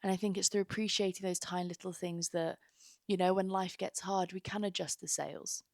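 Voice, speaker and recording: A woman's voice: lowish voice, fairly even intonation, a little fast, dry recording, clean studio sound. A young woman hosting her own podcast, talking earnestly and rambling with lots of fillers. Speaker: podcast host. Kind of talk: casual heartfelt podcast monologue.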